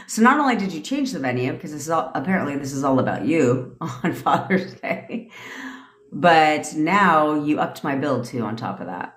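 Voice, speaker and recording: A woman's voice: sits low, very animated, unhurried. A woman in her thirties, a manifestation coach ranting and answering questions on a casual livestream, blunt and profane, laughing often. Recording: echoey room.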